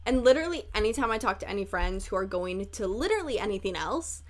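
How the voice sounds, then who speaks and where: A woman's voice: medium pitch, big pitch swings, fast talker. A woman in her twenties from Chicago, chatting candidly on her solo podcast, swearing casually and laughing often. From Chicago, USA. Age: 20s. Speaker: podcast host.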